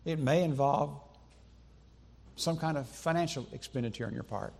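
A man preaching a sermon in a church sanctuary, emphatic, with slow deliberate pauses and repetition for stress. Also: mid-range voice, creaky, darkish tone. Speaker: pastor.

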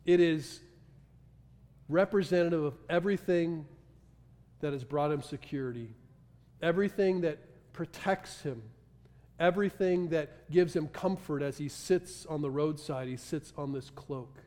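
Pastor, male, high-pitched for a man, impassioned sermon delivery, long hall reverb. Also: measured pace. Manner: impassioned, swinging from loud urgency to hushed intensity.

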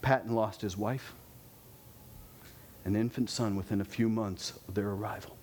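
A man preaching a sermon, animated, his voice climbing with intensity and dropping low to close points. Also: moderate pace, a little hiss or hum.

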